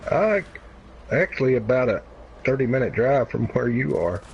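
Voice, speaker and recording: A man's voice: medium pitch, very animated, moderate pace, gravelly, highs cut off, slight background noise. A man with a Southern US drawl from Tennessee, chatting easygoing and dry as a stream guest. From Lawrenceburg, Tennessee, USA. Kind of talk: casual chat.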